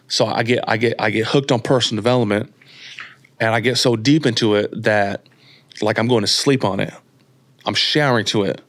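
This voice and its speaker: A man in his late thirties, a podcast guest telling his story in a casual, slangy, animated way and acting out the people he quotes. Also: on the low side, moderate pace, pauses often. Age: 30s.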